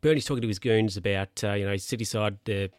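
A man's voice: fairly low pitch, fast talker, no echo, clean studio sound. Rambling man recapping a film. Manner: rambling, filler-heavy, self-correcting.

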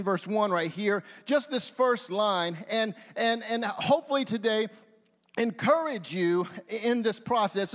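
A man's voice: high-pitched, a bit bright. A man preaching a sermon as pastor, speaking emphatically and repeating phrases for stress. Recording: long hall reverb.

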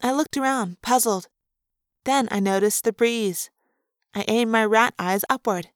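A woman reads a story aloud in first person, expressive and acting out the action as she goes. Her voice sits somewhat high, recorded close and dry with no room sound. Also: measured pace, dry recording. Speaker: narrator. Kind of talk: first-person audiobook narration.

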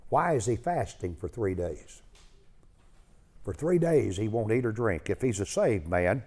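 A man's voice: fairly low pitch, expressive, unhurried, mellow. A man preaching a sermon, telling the story in a folksy, emphatic way.

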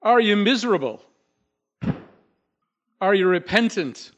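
A man voicing a fretful, excitable fellow who fires off urgent questions, in a dull lo-fi recording. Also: high voice, pitched above the performer's own voice. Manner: urgent, rapid-fire questioning.

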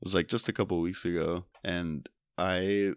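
Deep-voiced young man, casual podcast. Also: moderate pace, clear, resonant tone, no room sound, clean studio sound. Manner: relaxed, profane, trailing off with fillers. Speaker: podcast co-host. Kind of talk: casual movie podcast chat.

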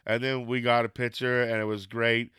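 A Canadian man with a smooth, clear, mid-range voice tells a rambling story in casual chat at a normal speed. He is animated and swears, getting loud when he acts out the quoted exchanges. The recording is close and dry, with no room sound.

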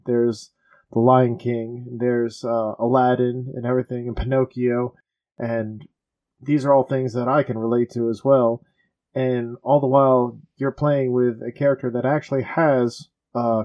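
A man's voice: mid-range voice, darkish tone, muffled recording. A man talking in casual chat, earnest and a little hesitant.

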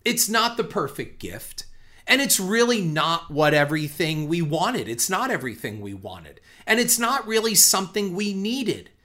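A man's voice: high-pitched, sing-song, normal speed, bright, forceful tone. A middle-aged man giving a reflective, conversational film commentary, earnest in tone, who often restarts on repeated words and swears casually.

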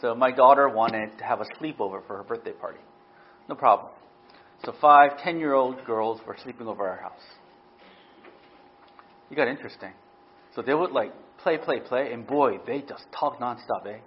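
A middle-aged pastor preaches a sermon in a medium-pitched voice at a moderate pace, leaving long pauses, with slight background noise. He tells stories animatedly and keeps asking "right?", and the recording has a dull lo-fi sound.

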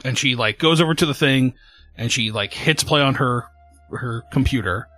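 A man's voice: mid-range voice, moderate pace, bright, forceful tone, faint music behind. A man narrating as game master of a tabletop horror game, loose and rambling, with many fillers.

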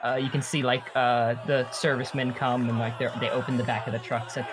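A woman's voice: a bass voice, level tone, fairly quick, background noise. A woman running a tabletop role-playing game as game master, narrating loosely with many fillers.

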